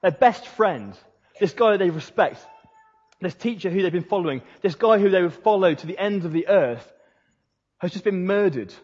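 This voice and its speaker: A man preaching a sermon and telling a story, lively, then dropping to a hushed voice to stress a point. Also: high voice, normal speed, breathy edge. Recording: dull sound with long hall reverb.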